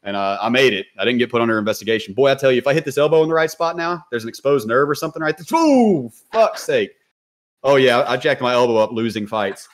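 Fast-talking, profane man telling a story. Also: medium pitch. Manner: profane, slangy, animated storyteller. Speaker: podcast guest. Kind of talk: casual storytelling.

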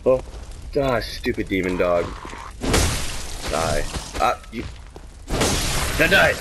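A young man commentating his gameplay, exasperated and talking back to the game, swinging from mutters to shouts. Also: lowish voice, big pitch swings, extremely slow, long pauses, noisy background. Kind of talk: let's play commentary.

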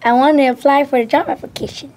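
A woman's voice: sits high, fairly even intonation, fast, darkish tone, close to an everyday voice. A woman voicing an annoyed, sensible male hedgehog in a homemade plush-toy comedy skit, always questioning the others. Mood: exasperated. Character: exasperated male blue hedgehog, the sensible one.

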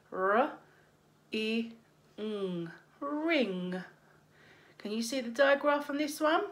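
A woman teaches phonics to young children and stretches each sound out for them. Her voice sits a little high, and she takes her time with every word. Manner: slow, encouraging, sounds out letters.

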